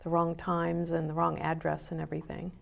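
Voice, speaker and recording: A woman co-hosting a call-in talk show, her voice carrying a gravelly fry. She speaks gently and offers encouraging advice. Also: low voice, completely flat delivery, brisk. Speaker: co-host.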